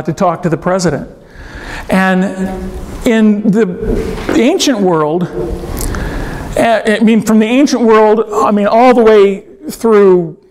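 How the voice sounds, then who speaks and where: A man, a priest, giving an informal teaching talk in church, conversational, with frequent fillers and restarts. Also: high-pitched.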